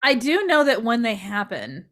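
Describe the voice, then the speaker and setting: A woman chatting casually as a guest, telling animated stories and laughing often. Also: fairly high pitch. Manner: animated storytelling, quick to laugh. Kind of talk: casual chat.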